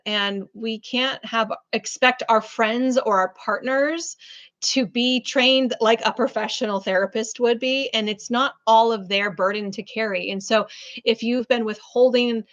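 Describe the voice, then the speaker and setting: A woman hosting a live-stream reading alone in her room, chatting warmly and effusively with viewers, full of fillers. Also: a little high, muffled recording. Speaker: spiritual business coach hosting a live reading.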